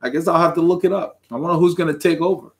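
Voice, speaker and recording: A middle-aged man from Texas chats casually on a live stream, reading out viewer comments for his cycling channel. He rambles easily and chuckles as he goes. His voice sits a little high for a man. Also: very fast, creaky.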